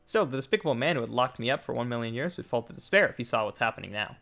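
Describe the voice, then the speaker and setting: A man reading a video game's lines for an ancient woman librarian who wants revenge, in a calm, fairly flat voice. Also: mid-range voice, racing, creaky, voice pushed down. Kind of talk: reading game dialogue aloud.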